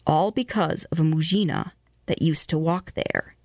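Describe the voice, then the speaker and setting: Low-voiced woman reading ghost stories. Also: no echo, clean studio sound. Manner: measured, slows and hushes for eerie moments. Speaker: radio host reading stories. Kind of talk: storytelling reading aloud.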